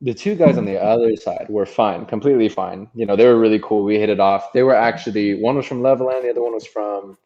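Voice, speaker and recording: Low-voiced man with muffled sound. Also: fast, few pauses, mellow. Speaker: podcast co-host. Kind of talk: casual storytelling chat.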